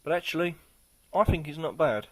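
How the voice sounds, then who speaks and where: A man giving a casual, rambling beer tasting review, pausing often as he thinks aloud. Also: on the high side, lively intonation. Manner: rambling, hesitant, many pauses.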